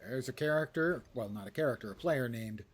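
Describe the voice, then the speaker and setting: A man streams an online game over its music, offering casual commentary with wry, joking asides about his loot and the story. His mid-range voice runs a little fast and has a breathy edge.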